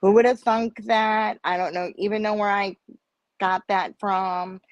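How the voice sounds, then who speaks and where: A woman's voice: mid-range voice, unhurried, no echo, dull audio. A middle-aged woman telling a personal story on a panel chat, acting out the voices of people in it. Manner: animated storyteller acting out dialogue. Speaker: guest.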